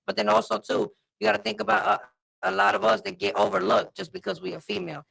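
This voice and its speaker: A woman's voice: mid-range voice, fairly even intonation, quick pace, vocal fry, fairly bright tone, breathy edge, poor audio. A woman who breeds dogs, talking on a podcast in an assertive, emphatic and profane way. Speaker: podcast guest and dog breeder. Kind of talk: casual chat.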